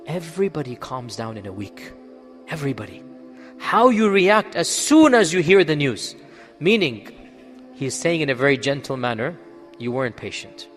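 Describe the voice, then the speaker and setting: A male Islamic scholar lecturing with emphasis and a somewhat high voice. He keeps asking questions and answering them himself. His voice rings out in a large hall with long reverb, and faint music plays underneath. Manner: checks in with the audience with "Okay?".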